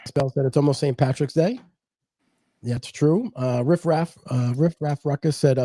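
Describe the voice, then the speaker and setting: A man's voice: a little high, moderate pace, dark tone, no room sound. A male host in a casual chat, laid-back and agreeable, reading out viewer comments.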